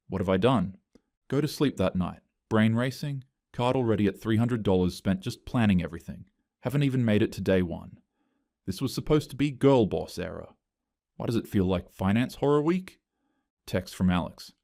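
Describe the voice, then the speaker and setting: A man's voice: fairly low pitch, moderate pace, vocal fry, dark tone, no echo. A man narrating a scripted first-person story in short, dry, clipped phrases.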